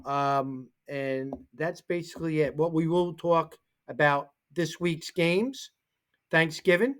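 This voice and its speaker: Animated high-voiced sports show host. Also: male voice, takes it slowly. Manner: animated storyteller who acts out the people he quotes. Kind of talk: casual sports talk.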